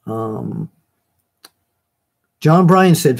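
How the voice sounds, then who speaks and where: A man's voice: mid-range voice, lively intonation, measured pace, darkish tone, husky. A man hosting a live online show, chatting casually and reading out viewer comments in a rambling way, with many fillers and self-corrections.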